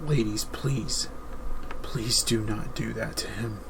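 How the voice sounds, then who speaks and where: A man hosting his own show, giving earnest, emphatic advice in a deliberate monologue. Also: lowish voice, fairly even intonation, gravelly, background noise. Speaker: host.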